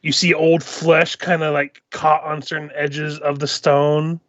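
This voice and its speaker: A man running a tabletop game, his slightly raised voice halting on ums as he lays out a scene. The audio is dull and lo-fi, close and dry. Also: fairly high pitch, level tone, a bit bright, no echo. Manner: hesitant, lots of ums while describing scenes. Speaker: game master. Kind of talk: narrating a tabletop game over a call.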